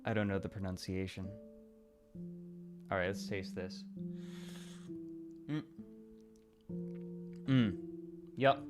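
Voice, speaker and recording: A man hosting a casual livestream, rambling and chatty and laughing often. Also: fairly low pitch. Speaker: stream host. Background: faint music.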